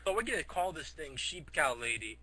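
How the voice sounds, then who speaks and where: Guy rambling thru a goofy made up story, really bright sharp voice, kinda high, excited. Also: a little fast, low-quality recording. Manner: excitable, rambling, full of fillers like "like".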